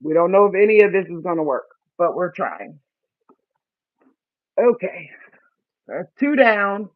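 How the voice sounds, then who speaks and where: A man's voice: sits high, big pitch swings, dry recording. A man chatting casually while he sets up seeds for his first garden. He jokes about himself and stumbles as he reads planting instructions aloud. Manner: chatty, self-mocking, reads labels aloud haltingly. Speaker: vlogger. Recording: dry, tinny phone-like sound.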